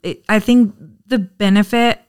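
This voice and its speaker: A woman's voice: mid-range voice, fairly even intonation, unhurried, darkish tone, smooth. A middle-aged woman in casual chat, enthusiastic and rambling, with many fillers.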